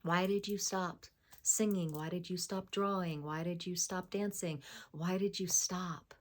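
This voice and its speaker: Low-voiced woman giving gentle spiritual advice. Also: fairly even intonation, unhurried. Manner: gentle, affirming, drops into soft whispers. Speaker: spiritual voice coach. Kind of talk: spiritual self-help talk.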